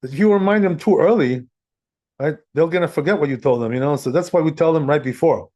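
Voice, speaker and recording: A rabbi teaches Jewish law in a casual class, speaking conversationally, chuckling often and tossing in "right?" and "you know." His voice sits on the high side, with a darkish tone and a slightly fast pace.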